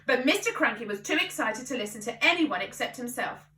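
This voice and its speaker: Animated woman reading a children's story. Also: a little high, a little fast. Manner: animated, inviting listeners to join in. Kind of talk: reading a children's book aloud. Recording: echoey room, voice from a distance.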